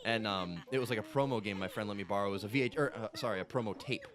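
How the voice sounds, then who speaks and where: Low-voiced rambling gamer man. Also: very fast. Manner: rambling, excitable storyteller who swears freely. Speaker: gaming channel co-host, playing the game. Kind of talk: casual let's-play chat. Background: game music.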